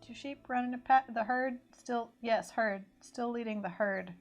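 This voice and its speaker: A woman's voice: fairly high pitch, moderate pace. A woman chatting casually on a livestream, rambling and correcting herself, slipping into mock race commentary. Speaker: streamer. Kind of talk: casual livestream chat while drawing. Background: faint music.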